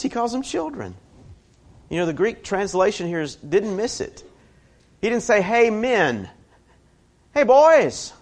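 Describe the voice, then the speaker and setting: A man preaching a sermon in a conversational way, telling stories with personal asides. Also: fairly high pitch.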